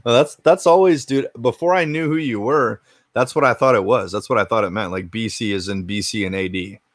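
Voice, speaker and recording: A man's voice: fairly low pitch, a little fast, dry recording. An American man hosting a casual retro gaming livestream from his home game room, laid-back and rambling, swearing freely as he answers chat. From United States.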